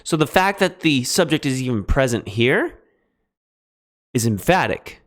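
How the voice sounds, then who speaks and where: A man streaming a Greek translation lesson, thinking aloud in a halting way and pausing while he writes notes. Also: mid-range voice, sing-song, a bit bright. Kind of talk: relaxed live-stream teaching.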